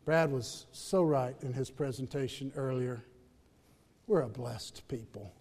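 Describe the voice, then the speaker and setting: A man preaching a sermon in a church, rising to loud emphatic peaks and dropping to hushed asides. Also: medium pitch, a little slow, long reverb tail. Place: church building during a worship service.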